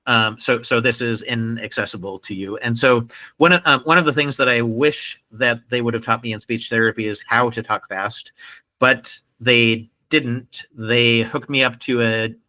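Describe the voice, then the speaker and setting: A man talking unscripted to camera in a very bright, forward voice. His sentences loop back on themselves with repeated words, restarts, and steady fillers. Phrases tumble out in quick spurts before he catches himself and starts again. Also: medium pitch. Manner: many repetitions, restarts and fillers, bursts of speed. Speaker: video creator talking about his speech. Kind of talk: casual unscripted monologue.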